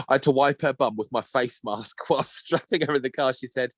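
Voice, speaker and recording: A man's voice: mid-range voice, brisk, fairly bright tone, no echo. A man co-hosting a casual podcast chat over a video call, laughing often, swearing freely and reading listener messages aloud. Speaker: podcast co-host.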